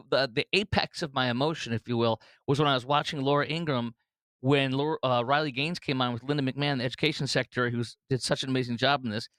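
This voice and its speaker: Running his own podcast, a middle-aged man pours out a political commentary monologue with emotional, gushing energy, laughing at times, repeating words and restarting phrases. His voice is mid-pitched, smooth, resonant and a bit bright, captured in dry, close audio without echo.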